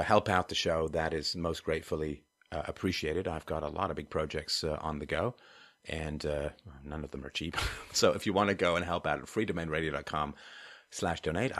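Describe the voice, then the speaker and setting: Deep-voiced male livestream host. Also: a bit bright, dry recording, clean studio sound. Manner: digressive, laughing, wry. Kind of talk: livestream chat and donation appeal.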